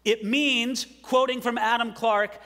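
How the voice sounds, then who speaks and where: A man's voice: very high voice, fairly even intonation, unhurried, sharp tone. A man preaching a sermon as pastor, emphatic and often asking the congregation questions. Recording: long hall reverb.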